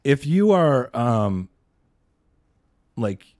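Male podcast co-host, mellow dark tone, dry sound, wry and questioning, swears casually. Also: medium pitch, very animated, drawn-out words, no room sound. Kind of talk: casual movie-review chat.

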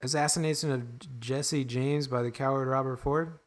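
A man's voice: mid-range voice, fairly even intonation. Rambling young man on a podcast. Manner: rambling, self-deprecating, halting restarts. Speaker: podcast co-host. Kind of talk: casual podcast chat.

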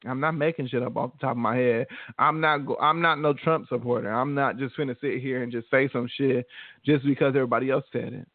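A man co-hosting a casual podcast, ranting in a heated, profane way with a gravelly voice. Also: mid-range voice, steady tone, fast, dry recording. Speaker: podcast co-host. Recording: tinny phone-like line.

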